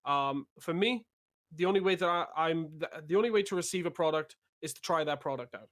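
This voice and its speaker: A man's voice: a little high, fairly quick, fairly bright tone. A man co-casting a live esports tournament, chatty and wordy with a self-deprecating edge. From United Kingdom. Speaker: esports co-caster. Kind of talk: live game commentary.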